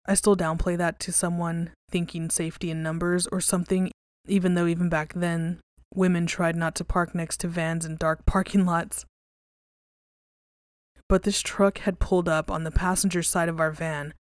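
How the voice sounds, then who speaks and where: A woman with a lowish voice hosts a podcast, reading creepy stories aloud before slipping into relaxed, conversational chat with some swearing. She talks at a moderate pace, and the recording is dry with clean studio sound.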